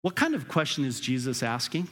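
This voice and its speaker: A man's voice: medium pitch, sing-song, fairly quick, fairly bright tone. A man preaching a sermon as a pastor, talking straight to the congregation and building to urgent emphatic peaks before dropping back down. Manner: conversational, speaks directly to the congregation.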